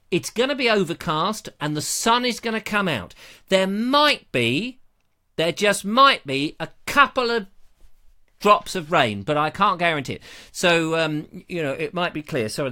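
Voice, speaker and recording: A man's voice: fairly high pitch, bright, forceful tone. A man hosting a casual livestream, jokey and rambling, chatting into a lavalier mic. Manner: jokey, rambling, slips into silly voices. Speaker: livestream host.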